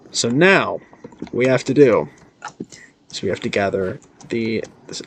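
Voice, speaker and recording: A man's voice: mid-range voice, big pitch swings, unhurried, slight background noise. A young man casually narrating his game as host, rambling and goofy, often cutting himself off. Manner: rambling, goofy, self-interrupting. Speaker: gaming channel host. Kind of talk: casual let's-play commentary.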